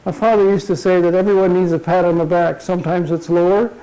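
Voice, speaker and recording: An older man giving a humorous motivational talk at a club meeting, telling jokes deadpan. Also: sits high, fast, crowd noise, rough recording. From Minnesota. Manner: deadpan joke-telling to a laughing audience. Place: meeting room before a live audience. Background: audience laughter.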